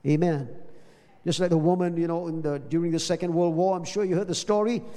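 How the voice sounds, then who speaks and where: A man's voice: on the high side, fairly even intonation, brisk, dark tone. A man preaching a sermon, asking the congregation rhetorical questions. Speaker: pastor. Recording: long hall reverb.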